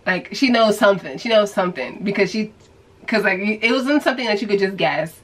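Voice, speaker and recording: A woman from New York telling a story to her viewers in a casual, animated way, acting out the people she quotes. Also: mid-range voice, a little fast, low-quality recording. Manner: animated storyteller who acts out quoted voices. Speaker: vlogger.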